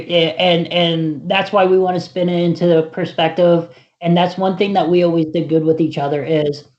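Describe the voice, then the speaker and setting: A co-host of a casual political talk show who speaks in a measured, thoughtful way with fillers. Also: mid-range voice, darkish tone, highs cut off.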